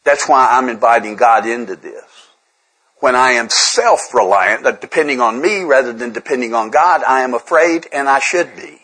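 This man speaks openly at a twelve-step recovery workshop, joking at his own expense and frequently restarting sentences with repeated words. His voice is mid-range, a bit bright, and a little fast with hardly any pauses, on a low-quality recording.

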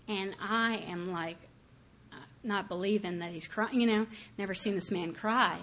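A woman shares her own recovery story in a loose, conversational way. She pauses often on fillers and slips into quoting her past self. Her pitch sits in the usual middle range for a woman. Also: a bit bright, a little hiss or hum. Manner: candid, conversational, many fillers, acts out her past thoughts. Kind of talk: personal testimony.

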